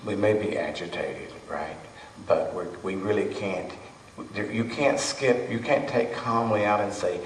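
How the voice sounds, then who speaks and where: A male meditation teacher giving a dharma talk to a retreat group, unhurried and light, drawing out his key words. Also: low-pitched. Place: meditation hall. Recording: echoey hall, voice from far off, faint hum.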